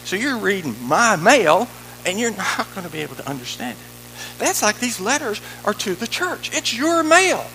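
A male preacher with a high, bright voice that swings widely in pitch. His tone is gravelly. He preaches an emphatic sermon, breaking into casual asides to the congregation. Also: big pitch swings, normal speed, a little hiss or hum, low-quality recording.

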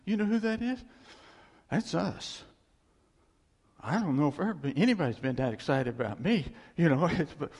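A man preaching an animated sermon as a pastor, chuckling often and acting out voices. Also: sits high, normal speed, breathy edge, long reverb tail.

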